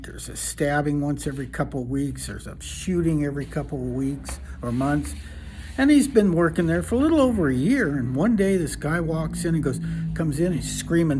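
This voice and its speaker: A man telling a long joke in a relaxed, casual way, with lots of ums and uhs. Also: a little high, a little hiss or hum. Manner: relaxed, filler-heavy storytelling.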